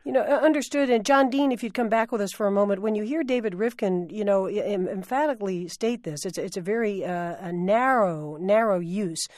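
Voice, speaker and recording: A woman's voice: mid-range voice, fairly quick, few pauses, a little mellow, no room sound, studio quality. A woman hosting a radio interview, asking probing questions and often repeating words as she phrases them. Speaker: radio host. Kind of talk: broadcast interview.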